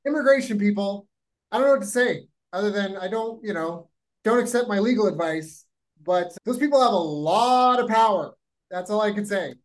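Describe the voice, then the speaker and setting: A man from Canada, a guest telling a long anecdote in a lively, rapid, casual way. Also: sits high, poor audio. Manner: animated, rapid, acts out voices in anecdotes. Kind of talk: casual storytelling.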